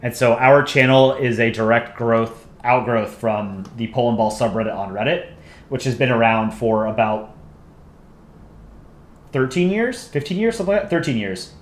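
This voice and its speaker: A man's voice: mid-range voice, normal speed, echoey room. A young American man hosting a casual livestream, rambling as he reads out viewer comments. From United States. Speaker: channel host on a livestream.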